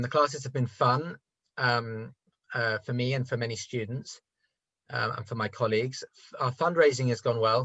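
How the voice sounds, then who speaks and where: A man's voice: medium pitch, fairly bright tone, dry recording. Man presenting over dull video call. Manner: quick, rambling with restarts. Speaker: adult education teacher. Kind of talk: conference presentation.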